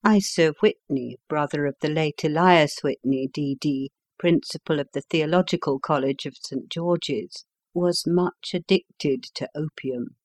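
A woman narrating a classic story as an audiobook, measured and unhurried. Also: deep voice, no room sound.

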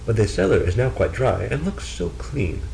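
A man's voice: lowish voice, sing-song, moderate pace, creaky, warm tone, slight background noise, rough recording. A man voicing a scatterbrained, cheerful young wife in a storybook reading, raising his voice to chatter innocent excuses. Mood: excusing.

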